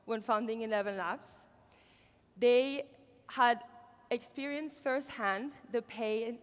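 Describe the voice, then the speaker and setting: A woman's voice: a little high, big-room sound. A woman presenting at a conference in an upbeat way, with the odd filler. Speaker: conference speaker. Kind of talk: keynote presentation. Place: conference hall.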